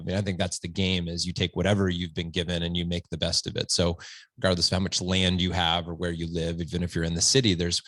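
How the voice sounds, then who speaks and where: A man with a deep, fairly bright voice appears as a guest in a conversational podcast interview, earnest and reflective, and he often restarts his phrases. He's standing at home, and there's no echo.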